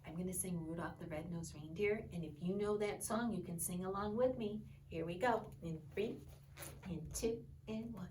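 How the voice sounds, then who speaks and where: A woman's voice: on the low side, normal speed, mellow. A woman teaching young children in a sing-song, repetitive way, chanting instructions and reading a story aloud to them. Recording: distant mic with faint background noise.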